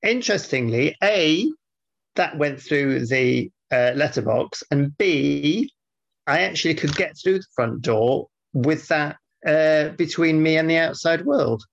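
A man co-hosting a podcast, dry and deadpan, grumbling in casual banter. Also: a little high, a little slow, gravelly, lo-fi sound. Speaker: podcast co-host.

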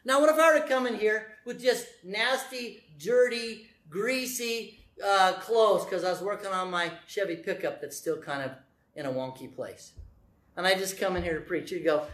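High, bright-voiced preacher man. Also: moderate pace, reverberant. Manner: animated, repeats phrases for emphasis, playful asides. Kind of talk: sermon.

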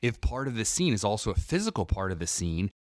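A man with a lowish voice talks through improv in a relaxed podcast chat. He is animated and jumps into quick character voices to show his examples. The sound is dry and close to the mic. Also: dry recording. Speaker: improv teacher and guest. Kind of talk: casual podcast conversation.

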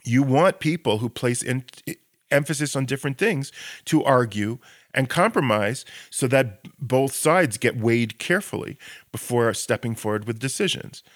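A man's voice: medium pitch, expressive, normal speed, no room sound, clean studio sound. A man co-hosting a podcast discussion as an educator. He argues with passion, uses sarcastic rhetorical questions and often restarts his words as he builds a point. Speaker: Israel educator and podcast co-host.

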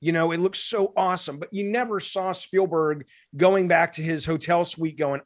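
A man's voice: fairly high pitch, normal speed, hardly any pauses, dry recording, studio quality. A man from Alabama, a game developer, talking casually and animatedly, swearing and acting out quoted lines. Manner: animated, profane, acts out quotes. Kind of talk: casual conversation.

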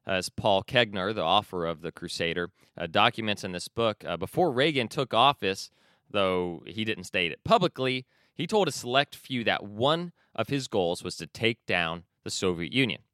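A man's voice: lowish voice, bright, forceful tone, dry recording, studio quality. Man hosting a news commentary podcast. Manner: reads book passages aloud, asides. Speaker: podcast host.

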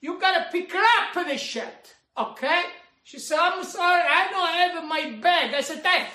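A man's voice: very high-pitched, moderate pace, pushed and bright, reverberant, distant mic. A man with an Italian accent telling a comic story in broken English, often repeating "okay?". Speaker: comedy video creator.

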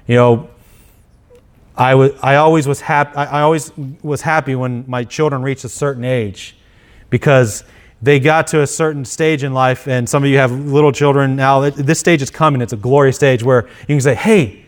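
A man's voice: mid-range voice, fairly even intonation, normal speed. A male pastor preaching an earnest sermon, often repeating and restarting his phrases.

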